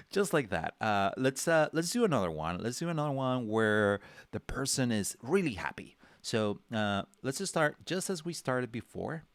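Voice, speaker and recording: A man's voice: medium pitch, sing-song, a little slow, no echo. A man leading a livestream drawing lesson, rambling and chatty with many fillers and restarts, acting out little reactions. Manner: acts out characters' reactions with small voices. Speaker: drawing instructor.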